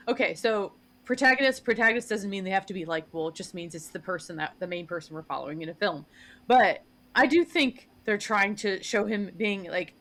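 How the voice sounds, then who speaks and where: A woman's voice: mid-range voice, fairly bright tone. Woman hosting, hedging with fillers. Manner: hesitant, thinking aloud with many fillers. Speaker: podcast host. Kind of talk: casual podcast chat.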